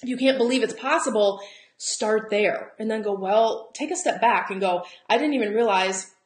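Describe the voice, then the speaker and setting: A woman's voice: medium pitch, moderate pace. A Southern American woman coaching travel agents in a chatty, encouraging live talk, often laughing and acting out quotes. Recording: roomy echo.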